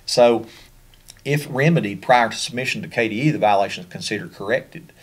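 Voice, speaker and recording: A man's voice: medium pitch, a little fast, slightly rough. A man with a Kentucky accent presenting a special education training over slides, in a conversational way with frequent fillers and restarts.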